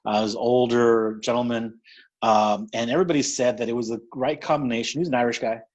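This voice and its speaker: Male co-host: husky mid-range voice, hesitant, searches for his words. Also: mid-range voice, fairly even intonation, fast talker, darkish tone, highs cut off. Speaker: podcast co-host. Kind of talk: casual podcast chat.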